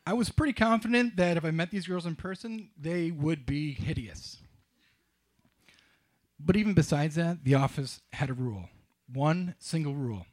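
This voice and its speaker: A middle-aged man telling a wry, self-mocking personal story on stage, with halting restarts. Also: on the high side, expressive, darkish tone. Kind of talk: live storytelling.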